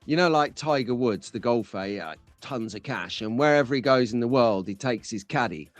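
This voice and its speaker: A man's voice: mid-range voice, expressive, moderate pace, no room sound, soft background music. A man hosting a casual live stream, chatty and jokey, talking to viewers by name.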